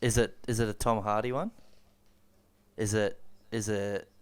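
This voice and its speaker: Smooth-voiced easygoing man. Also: lowish voice, little pitch movement, unhurried. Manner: easygoing, encouraging. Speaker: podcast co-host. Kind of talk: casual chat.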